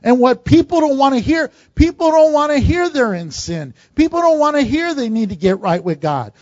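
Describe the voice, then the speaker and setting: A man's voice: extremely high pitch, very animated, moderate pace, few pauses, darkish tone, no echo. A man preaching a sermon to a congregation in a conversational style, with asides and jokes. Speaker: pastor. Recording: dull, dry recording.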